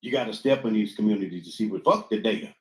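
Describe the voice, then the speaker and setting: A man's voice: lowish voice, fast talker, a little mellow, roomy sound, low-quality recording. A man in a casual panel discussion who talks bluntly, argues back and cuts in on the other speaker. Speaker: panel guest.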